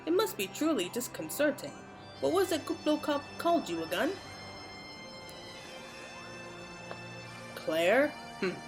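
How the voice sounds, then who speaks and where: A woman voicing a big, pompous male Moogle chieftain in a game, reading his lines in a stately, old-fashioned way. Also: on the high side. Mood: haughty. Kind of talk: reading game dialogue aloud.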